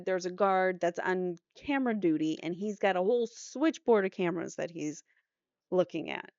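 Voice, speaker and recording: A woman's voice: medium pitch, a little mellow, dry recording. A woman hosting a true crime show, reading court transcripts aloud and breaking off for skeptical asides. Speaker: true crime podcast host. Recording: dull lo-fi dry recording.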